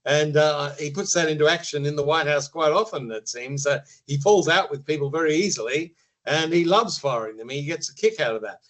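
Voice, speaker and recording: Man with a slightly high, measured voice. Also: fairly bright tone, low-quality recording. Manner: measured, explanatory, frequent pauses to rephrase. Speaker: media trainer guest. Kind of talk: podcast interview answers.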